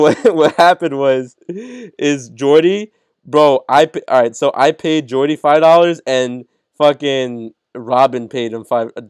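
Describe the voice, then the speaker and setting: A teenage man, a podcast co-host, excitedly telling a funny story on an online group call, swearing and laughing as he goes. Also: medium pitch, clean tone, dry recording, studio quality. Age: teens. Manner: animated, swearing, laughing at his own story. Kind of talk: casual storytelling.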